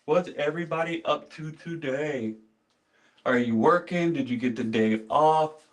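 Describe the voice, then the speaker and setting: A slightly high male voice at a measured pace. The livestream host keeps things casual, chatting with viewers and greeting them by name while demonstrating his beard care routine and repeating his phrases.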